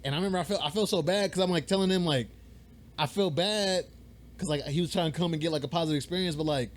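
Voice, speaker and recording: A young man co-hosting a podcast, telling a story in a rambling, animated way, swearing freely and acting out the voices of people he quotes. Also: on the high side, fast. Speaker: podcast co-host. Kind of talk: casual storytelling chat. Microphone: podcast mic.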